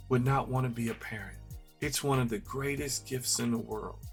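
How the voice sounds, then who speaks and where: A middle-aged man giving an earnest, reflective personal monologue, telling a story with heavy repetition for emphasis. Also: mid-range voice. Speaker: vlogger. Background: faint instrumental music.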